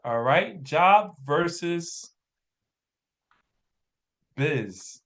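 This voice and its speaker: High-voiced, slow-talking man coaching. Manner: energetic, preachy, drawing on a screen while talking. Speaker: business coach. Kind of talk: motivational training talk.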